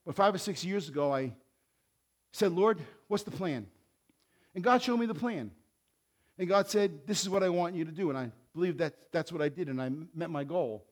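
A man in his sixties, a pastor, preaching with emphatic swells and soft conversational asides. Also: fairly high pitch, normal speed. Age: 60s. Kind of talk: sermon.

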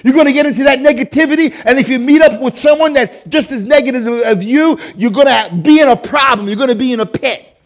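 A male pastor delivering a passionate sermon in a notably high voice. He builds to loud, stretched-out shouts, then falls to a low, quiet intensity. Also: fast talker.

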